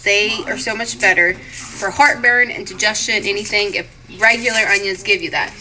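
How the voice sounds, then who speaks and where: A woman's voice: fairly high pitch, pushed and bright, poor audio. A woman, chatting with viewers in a casual home cooking vlog from her kitchen. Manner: chatty, addresses viewers as y'all and guys.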